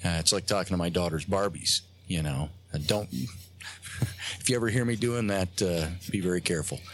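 A man, a guest on a talk show, telling a rambling personal story with many pauses and restarts, acting out the lines of the people in it. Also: deep voice, fairly bright tone, slight background noise. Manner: halting, many fillers and restarts, acts out quotes.

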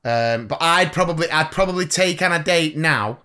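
A man's voice: fairly high pitch, moderate pace, pushed and bright, smooth. A middle-aged man co-hosting a podcast in casual chat, joking and teasing, laughing often. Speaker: podcast co-host.

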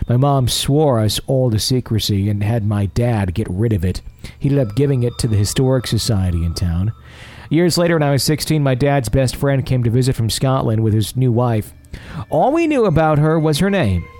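A man's voice: medium pitch, animated, moderate pace, darkish tone. Easygoing male podcast host. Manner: easygoing, rambling with self-deprecating humor. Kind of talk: casual podcast chat and reading listener letters.

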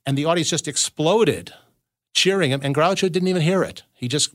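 As a podcast guest, a man from Southern California spins long showbiz anecdotes in casual chat, rambling loosely and often restarting sentences mid-thought. His voice is a little high and a little fast, with clean studio sound and no room sound.

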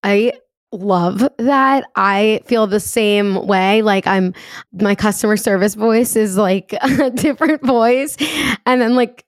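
A woman's voice: mid-range voice, takes it slowly, dry recording. A woman hosts a podcast in easy, casual conversation. She talks in a chatty way, dropping "like" often. Her voice sits in a middle register and sounds dry and close, with no room around it. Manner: chatty, frequent "like" fillers. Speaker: podcast host. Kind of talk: casual chat.

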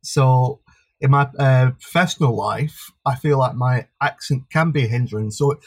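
A man's voice: mid-range voice, measured pace, husky, no echo. A man with a Blackburn Lancashire accent, a media worker and stage performer, answering casually in an interview with frequent stammered restarts.

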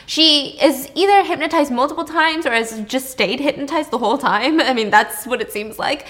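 A woman's voice: high voice, fairly quick, few pauses, a bit bright. A woman retelling a plot in a casual, chatty way, full of asides. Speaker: plot recapper. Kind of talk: casual storytelling recap.

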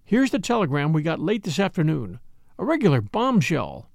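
A brisk, impatient young gentleman, as a man reads him from a vintage novel. The voice sits high and swings freely, with a gravelly texture and a dry, close sound. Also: wildly swooping pitch, no room sound, heavily acted. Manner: brisk, emphatic. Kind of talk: audiobook character voice.

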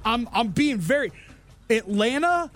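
A man on a sports show panel talking in casual chat, sarcastic and a bit halting. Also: extremely high pitch, sing-song, fairly bright tone.

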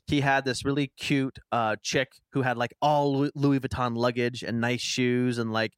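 A man in his twenties hosting a podcast, telling a long story in casual chat, rambling and animated with frequent restarts. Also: mid-range voice, normal speed, smooth, dry recording. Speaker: podcast host.

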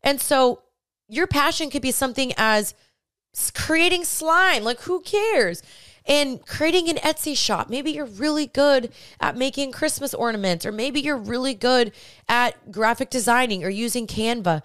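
A woman's voice: sits high, expressive, measured pace, fairly bright tone, smooth, dry recording, studio quality. A young woman hosting a podcast, giving earnest, chatty faith-based advice straight to her listeners. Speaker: podcast host.

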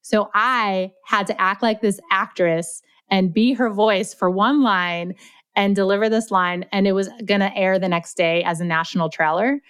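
A young adult woman as a podcast guest, chatting and telling stories in a lively way, with lots of "like" fillers. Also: mid-range voice, moderate pace, clear, resonant tone, no echo. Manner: chatty, animated, heavy use of "like". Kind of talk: casual storytelling interview.

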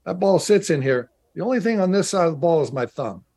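Husky-voiced ex-athlete on a video call. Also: male voice, fairly high pitch, lively intonation, fast, a little mellow. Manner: chatty, stumbling restarts, emphatic repetition. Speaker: former pro football player turned team broadcaster. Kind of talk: remote interview, anecdotal storytelling.

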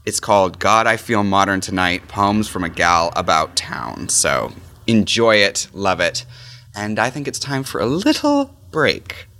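A man hosting a podcast in a casual chat, with a playful, campy and animated way of talking. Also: lowish voice, a little slow, no echo. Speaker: podcast host.

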